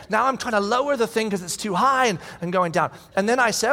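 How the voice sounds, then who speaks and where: A man in his forties preaching a sermon as pastor, telling stories animatedly and shouting out the lines he quotes. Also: sits high, big pitch swings, fast. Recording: long hall reverb.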